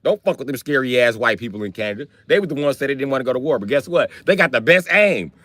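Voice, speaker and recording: An American man rants on a live stream, loud and full of swearing. His pitch swings widely as he gets worked up, and the sound is dry and close. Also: fast, no room sound. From United States. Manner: loud, swearing, animated ranting. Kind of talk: profane live-stream rant.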